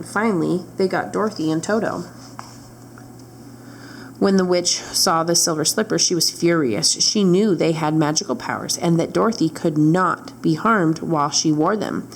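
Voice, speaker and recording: A woman's voice: on the low side, slight background noise, low-quality recording. A woman librarian reading a storybook aloud at storytime, narrating steadily and correcting small slips.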